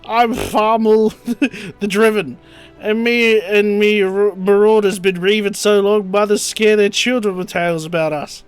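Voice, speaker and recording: A man voicing a swaggering male pirate marauder leader in a game playthrough, gruff and boastful. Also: sits high, steady tone, a little slow, faint music behind, pitched above the performer's own voice. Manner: gruff boastful threats, rough working-class speech.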